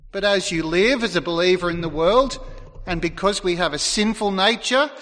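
A man's voice: high voice, sharp tone. A man preaching a sermon in a church, earnest, sometimes acting out the words of people in his text. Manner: earnest preaching, acts out quoted lines. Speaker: pastor. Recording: long hall reverb.

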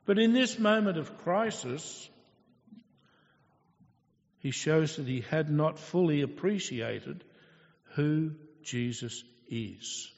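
A man's voice: a little high, expressive, slow pace, darkish tone. A man preaching a sermon in an earnest, storytelling manner, asking rhetorical questions. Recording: echoey hall, dull lo-fi sound.

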